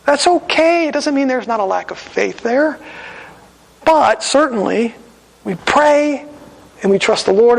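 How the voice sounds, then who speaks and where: High, gravelly-voiced pastor preaching. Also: male voice, in a large hall, rough recording. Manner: conversational storytelling. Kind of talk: sermon. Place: church sanctuary.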